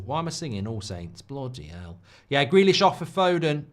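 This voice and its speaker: A man hosting a live football watchalong stream at a mid-range pitch. He chats loosely, and reads viewer messages aloud between thoughts on the game. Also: sing-song, normal speed, few pauses. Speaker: football livestream host. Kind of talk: casual football watchalong chat.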